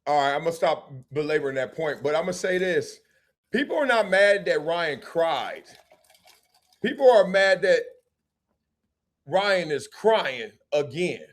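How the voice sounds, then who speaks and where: A man's voice: on the high side, lively intonation, a little slow. A man hosting a sports talk show, talking animatedly and acting out quotes in character voices. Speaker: show host.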